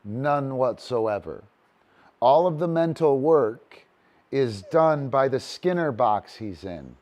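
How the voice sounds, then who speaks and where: A man's voice: medium pitch, lively intonation, takes it slowly, darkish tone. A man teaching a casual online disc dog training session, talky and loose, breaking into cheery cues to his dog.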